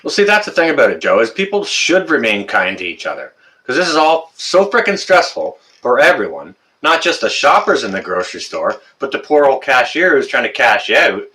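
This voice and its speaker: A man's voice: medium pitch, very animated, a little fast, bright, forceful tone, low-quality recording. A middle-aged Canadian man with a Canadian accent, hosting a casual live stream and chatting through viewer comments with plenty of fillers. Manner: chatty, rambling, many uh fillers.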